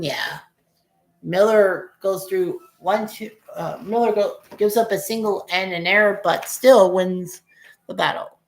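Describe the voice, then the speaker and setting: A woman's voice: medium pitch, unhurried, echoey room. A woman in her forties giving casual, rambling play-by-play of a baseball game as a fan streamer, cursing at bad plays. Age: 40s.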